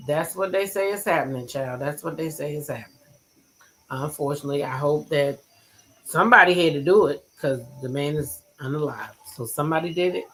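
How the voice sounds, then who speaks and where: A woman, hosting a casual gossip chat. She talks to her viewers in a blunt, animated way and swears freely. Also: low-pitched, rough recording. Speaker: host.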